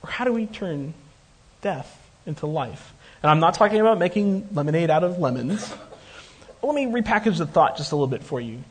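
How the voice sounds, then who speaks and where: A man's voice: a little high, expressive, fairly quick, slightly rough. A man preaching a conversational sermon, retelling a scripture story with joking asides.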